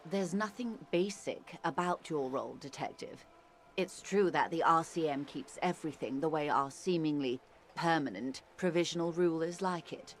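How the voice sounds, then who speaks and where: A woman's voice: deep voice, slight background noise. A wry, worldly older lady. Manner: arch, measured, dryly ironic. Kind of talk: video game voice acting.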